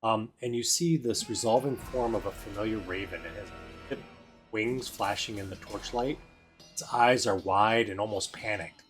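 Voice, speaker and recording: A man running a tabletop game as game master, narrating in a casual, halting way. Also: lowish voice. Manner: casual, many fillers and restarts. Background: faint music.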